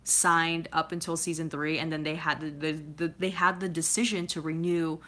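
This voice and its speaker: A woman's voice: deep voice, flat delivery, normal speed, pushed and bright. A woman from California chatting casually as she answers viewer comments, rambling with lots of filler words and laughing often. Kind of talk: casual chat.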